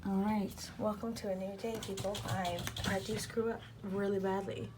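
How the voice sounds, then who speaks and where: A woman in her thirties narrating a casual plan-with-me video at home, talking softly and often half-whispering to herself, flustered and self-deprecating about her mistakes. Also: mid-range voice, level tone, moderate pace. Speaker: planner vlogger. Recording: noisy home recording.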